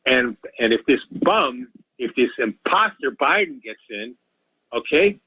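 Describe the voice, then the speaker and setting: A man's voice: mid-range voice, very animated, measured pace, sharp tone, breathy edge, no room sound. A man calling in to a radio show, ranting and pleading with emotion and repeating himself. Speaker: caller. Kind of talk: impassioned call-in rant. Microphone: telephone. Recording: muffled phone line.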